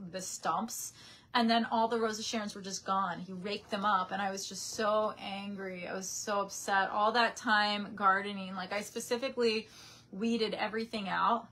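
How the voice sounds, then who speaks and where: A woman's voice: medium pitch, fairly even intonation, normal speed, bright, forceful tone. Young woman rambling on a webcam live stream at her parents' house, casual and chatty. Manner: chatty, reads viewer comments aloud.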